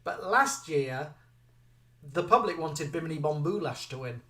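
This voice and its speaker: A man co-hosting a live chat show, reading out viewer comments in an animated way. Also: on the high side, a little slow, recorded from a distance. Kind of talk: casual live-stream chat. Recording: echoey room, away from the mic.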